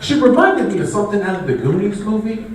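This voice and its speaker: Very animated and quick, a man from the Bay Area riffs with his audience during a laid-back stand-up comedy show. His high voice is far from the mic, and the large venue makes the recording very echoey with faint noise.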